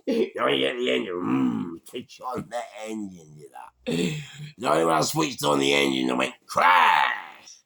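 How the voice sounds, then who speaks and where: A man in his sixties with a London accent, telling a street story in a slangy, animated way. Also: mid-range voice, normal speed. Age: 60s. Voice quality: gravelly. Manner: animated, slangy, acts out voices. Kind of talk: storytelling monologue.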